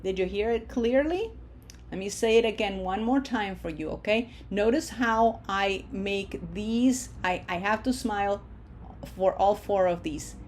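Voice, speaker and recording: A woman teaching a language lesson, stretching out example words slowly and talking in a patient, explaining way. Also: mid-range voice, a little mellow, slight background noise. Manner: slow, drawn-out modeling of words, then quick asides.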